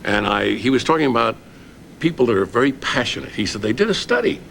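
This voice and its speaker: A man's voice: mid-range voice, fast talker, gravelly, a little hiss or hum. A man telling an anecdote as a talk show guest, acting out what others said. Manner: animated, acts out quotes. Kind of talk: anecdotal storytelling.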